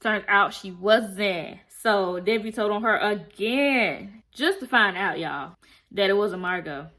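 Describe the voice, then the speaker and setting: A woman's voice: medium pitch, slow pace. Chatty woman recapping a show. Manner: chatty, animated, slangy storytelling. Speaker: TV show reviewer. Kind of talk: casual episode recap.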